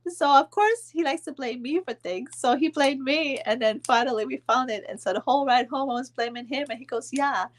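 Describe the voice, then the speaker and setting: A woman's voice: high-pitched, a little fast, few pauses. Chatty woman telling a vacation story. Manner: chatty, answers viewer comments, frequent ums and laughs. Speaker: vlog host telling a story to live viewers. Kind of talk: casual storytelling.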